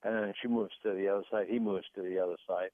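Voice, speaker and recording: A man's voice: low voice, fairly even intonation, fast talker, no room sound. Male guest author on a phone line, rambling anecdotal storyteller, very dry sound. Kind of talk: storytelling interview.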